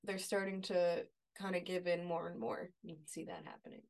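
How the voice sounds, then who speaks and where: A woman co-hosting a podcast, retelling a TV episode scene by scene in a relaxed, chatty way. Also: on the low side, moderate pace. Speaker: podcast co-host. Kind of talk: casual recap chat.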